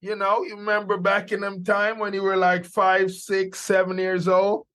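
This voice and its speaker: A man's voice: sits high, completely flat delivery, moderate pace, fairly bright tone, dry recording. A man hosting a podcast, interviewing a guest in an encouraging way and affirming her with short remarks. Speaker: podcast host.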